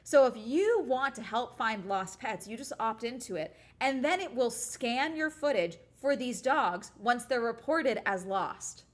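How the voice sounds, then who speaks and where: A woman's voice: fairly high pitch, expressive, measured pace, hardly any pauses. A young woman from the United States chatting casually on a livestream, rambling and sarcastic as she talks to her chat. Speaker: streamer.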